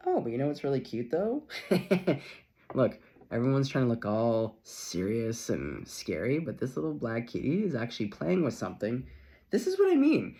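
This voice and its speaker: A middle-aged man talks viewers through a tarot spread in a loose, chatty way. His pitch is animated and swings widely, and he keeps slipping into playful asides and little laughs. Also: normal speed. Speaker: tarot reader. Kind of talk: casual tarot reading to camera.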